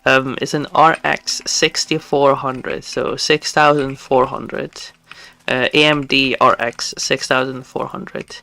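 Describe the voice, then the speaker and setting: A game streamer chatting casually while playing live, talking in a halting, stammering way with many restarts. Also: mid-range voice, vocal fry, a bit bright, dry recording.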